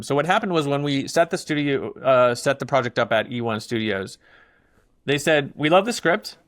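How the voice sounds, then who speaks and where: Male guest, mid-pitched, chatty and animated, dry close recording. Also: gravelly, clean tone, dry recording. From not from England. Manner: animated storyteller, many fillers. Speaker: filmmaker guest. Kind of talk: casual interview talk.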